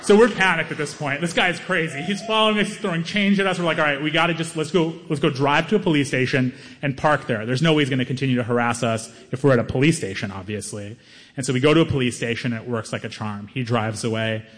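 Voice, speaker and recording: A man telling a stand-up story, lively, acting out other people's lines. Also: fast talker. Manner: animated, acts out other people's lines in higher voices. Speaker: stand-up comedian.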